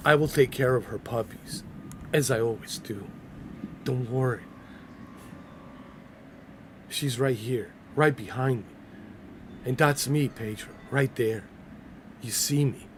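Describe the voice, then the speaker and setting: A man's voice: mid-range voice, takes it slowly, long pauses, slight background noise. A man casually commenting on a game during a livestream, loose and joking as he banters with his chat. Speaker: gaming livestreamer.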